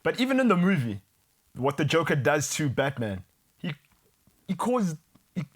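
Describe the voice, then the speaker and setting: A man in casual chat, teasing the others in quick banter. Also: on the high side, big pitch swings, husky.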